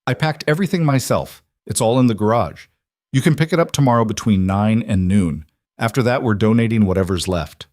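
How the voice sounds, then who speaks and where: A man voicing a smug young woman who sounds bright and falsely helpful. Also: lowish voice, brisk, no room sound, clean studio sound, lightly acted.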